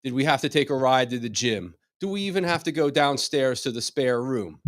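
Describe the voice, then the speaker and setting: A middle-aged man leads a wellness workshop, chatting and joking with his audience and firing off rhetorical questions. He often repeats his first words before getting a sentence going. His voice sits at an ordinary pitch and sounds close and dry, with no room echo. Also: lively intonation, fairly quick. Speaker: chiropractor leading a wellness workshop. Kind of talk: informal live workshop talk.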